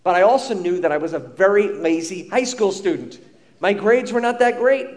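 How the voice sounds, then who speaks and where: A middle-aged man from Long Island, New York, preaching a sermon as pastor, animated and emphatic with bursts of loudness. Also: sits high, moderate pace.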